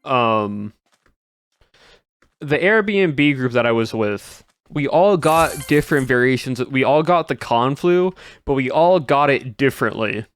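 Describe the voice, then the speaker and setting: A man's voice: mid-range voice, animated, a little slow, clear, resonant tone, no room sound, faint music behind. A man streaming, chatting casually to his viewers in a rambling way with lots of "like" and restarts. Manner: rambling, full of "like" and restarts, laughs often.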